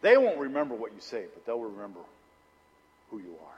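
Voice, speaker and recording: A middle-aged man preaching a sermon as pastor, telling personal stories conversationally and dropping low and intense for emphasis. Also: huge pitch swings, brisk, muffled recording. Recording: long hall reverb.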